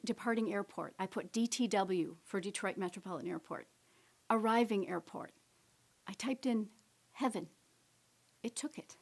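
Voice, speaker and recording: A middle-aged woman giving a keynote talk, telling a personal story gently and dropping to soft whispers at tender moments. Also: mid-range voice, gravelly. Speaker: keynote speaker. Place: stage presentation.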